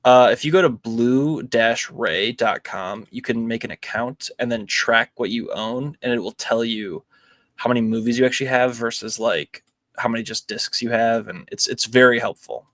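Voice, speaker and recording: A man's voice: mid-range voice, moderate pace, no echo. A young man hosting a movie podcast, chatting casually with lots of ums and likes. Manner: relaxed, filler-heavy, many ums and likes. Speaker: podcast host. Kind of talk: casual movie review chat.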